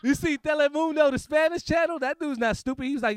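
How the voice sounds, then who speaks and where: A young man works through a stand-up set, his voice sitting high for a man. He talks in a loose, rambling, jokey way. The sound is close and dry, with little room around it. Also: fast talker, no room sound. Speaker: stand-up comedian. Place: small comedy studio stage.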